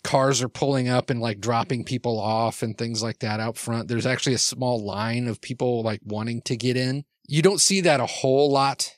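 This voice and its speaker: A man's voice: medium pitch, moderate pace, hardly any pauses, no room sound, studio quality. A man narrating as game master in a tabletop role-playing game, rambling with lots of fillers and restarts.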